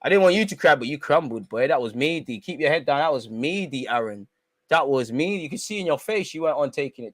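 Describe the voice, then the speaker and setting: A young man hosts a live football watch-along, his slangy banter repeatedly bursting into excitement as he teases the players. He speaks quickly at a fairly high pitch, with no room sound.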